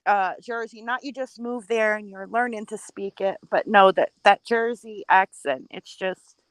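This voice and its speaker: A woman's voice: medium pitch, measured pace, no echo. A woman from upstate New York chatting on a panel, talking emphatically and repeating words as she gathers her thoughts. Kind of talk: casual chat.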